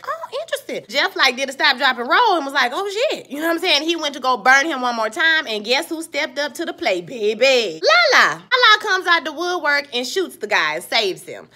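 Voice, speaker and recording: A woman, giving a casual, animated recap of a TV episode with playful asides. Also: high-pitched, fairly quick, hardly any pauses. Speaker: TV episode reviewer.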